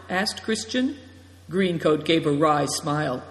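Male audiobook narrator, high-pitched voice, steady reading; long-echo room. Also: unhurried. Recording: long reverb.

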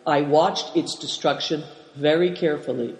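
A man voicing a calm, simple-spoken young man who speaks steadily. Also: fairly high pitch, moderate pace, natural voice. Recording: roomy with long reverb.

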